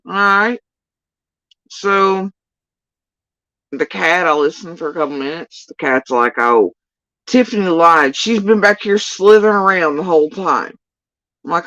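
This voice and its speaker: A woman's voice: on the low side, animated, measured pace, pauses often, a bit bright, dry recording. A woman giving casual ranting livestream commentary, profane, sarcastic and exasperated, on a dull, dry lo-fi recording. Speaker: YouTube drama commentator.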